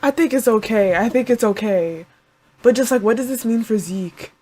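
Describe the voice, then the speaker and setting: A woman with a high voice reacts aloud as she watches. She rambles and panics, breaking into exclamations and repeated words. She is casual and highly emotional throughout. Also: normal speed, a little mellow. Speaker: anime reaction video host. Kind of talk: live reaction commentary.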